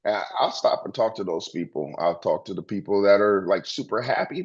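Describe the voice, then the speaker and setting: A man's voice: lowish voice, lively intonation, fairly quick, hardly any pauses, slightly rough, dull audio. A man co-hosting a podcast, telling stories earnestly in a casual, rambling way. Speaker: podcast co-host. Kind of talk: casual spiritual chat.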